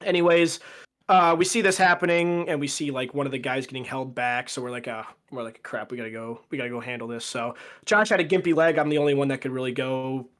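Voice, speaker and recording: A man's voice: medium pitch, fast, a bit bright. A young man as a podcast guest, telling a rambling story in casual chat with lots of fillers. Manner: rambling anecdote with fillers and acted quotes.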